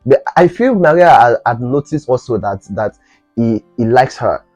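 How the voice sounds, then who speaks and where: A man's voice: mid-range voice, animated, normal speed, darkish tone, dry recording, highs cut off, soft background music. A young man from Nigeria, casually reviewing a series episode and rambling with many fillers and restarts.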